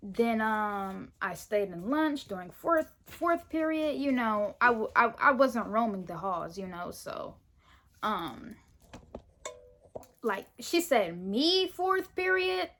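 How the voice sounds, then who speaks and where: A teenage girl from Florida, telling a school story in casual storytime style, animated and indignant as she acts out the dialogue. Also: mid-range voice, slow pace, slight background noise. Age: teens.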